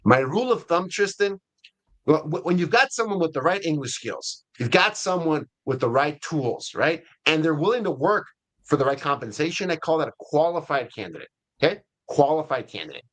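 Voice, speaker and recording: Man, US Hispanic accent, middle-aged, casual webinar host, energetic, fillers and restarts, fairly high voice. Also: moderate pace. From Latin America.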